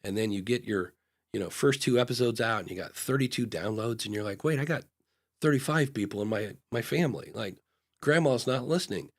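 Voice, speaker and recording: A man's voice: on the low side, a little fast. Man giving frank podcast advice. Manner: acts out little back-and-forth dialogues in changing voices; frank, loose talk with frequent fillers and restarts. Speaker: podcast consultant and co-host. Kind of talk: casual live podcast advice chat.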